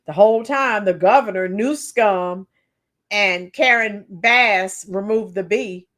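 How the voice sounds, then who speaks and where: A woman with a hoarse, cracking voice giving chatty, opinionated political commentary on a live stream and reading viewer comments. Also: mid-range voice, fairly bright tone. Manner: opinionated, chatty, sings song snippets slowly. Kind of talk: casual political commentary livestream.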